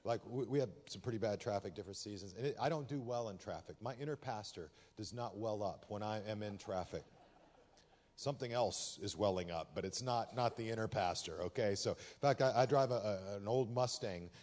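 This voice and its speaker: A man from Texas, a pastor preaching a sermon in a conversational, humorous way that turns loud and animated when he tells stories. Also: lowish voice, brisk. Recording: long hall reverb.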